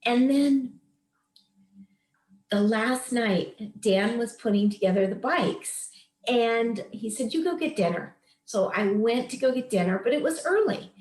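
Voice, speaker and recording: Earnest high-voiced woman in her fifties. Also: slow pace, darkish tone, roomy sound. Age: 50s. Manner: earnest, emphatic, inspirational. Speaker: wellness coach leading a meditation session. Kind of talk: heartfelt storytelling and coaching talk.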